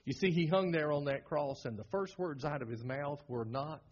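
A middle-aged Southern American pastor preaching with a husky, slightly raised voice. He is folksy and joking, then drops to a hush for the serious points. The recording sounds muffled and lo-fi. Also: on the high side, normal speed, few pauses. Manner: folksy, humorous, swings from loud to hushed. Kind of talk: sermon.

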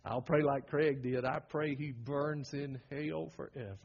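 A middle-aged pastor with a Southern American accent preaches a folksy, humorous sermon, swinging from loud bursts to hushed lines. His mid-range voice is steady, a little slow, gravelly, and husky, captured on lo-fi sound.

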